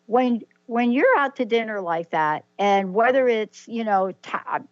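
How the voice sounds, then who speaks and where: A woman's voice: a little high, expressive, measured pace, no echo, muffled recording. A woman hosting a radio talk show, speaking thoughtfully and reflecting aloud, often restarting her sentences. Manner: thoughtful, hesitant, with frequent restarts. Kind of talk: casual radio chat.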